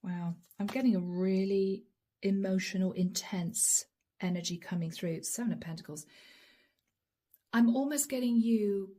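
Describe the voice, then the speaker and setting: A woman giving a channeled tarot reading to her viewers, earnest and emotional, often dropping to a soft whisper. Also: medium pitch, a little slow. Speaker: tarot reader.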